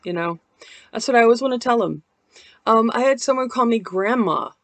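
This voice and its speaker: A woman in her forties talks to her viewers in a casual home vlog, recorded on a laptop mic. She rambles in a candid, self-deprecating way, and her voice sits a little high. The sound is dry and close, with no room echo. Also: fairly quick. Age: 40s. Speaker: vlogger.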